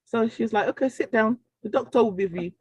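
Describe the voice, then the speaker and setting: A woman giving a personal testimony talk, telling her story with animated storytelling and acting out the dialogue. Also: a little high, fast, breathy edge, no echo, poor audio. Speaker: speaker sharing a personal story.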